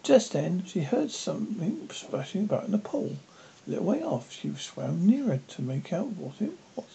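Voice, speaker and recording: A reader narrating a classic children's story aloud, halting with frequent slips and restarts. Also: medium pitch, big pitch swings, gravelly, mellow. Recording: dull lo-fi with faint noise.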